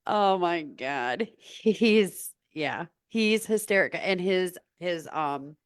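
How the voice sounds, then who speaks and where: A woman's voice: on the low side, lively intonation, slow pace, clear, resonant tone, dry recording, clean studio sound. A woman author being interviewed, chatty and self-deprecating, laughing often. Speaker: author guest. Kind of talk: casual interview chat.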